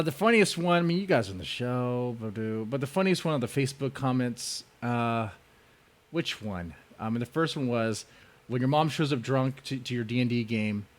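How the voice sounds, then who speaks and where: A man hosting a casual comedy podcast, who laughs often and stumbles over his words. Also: mid-range voice. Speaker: podcast host.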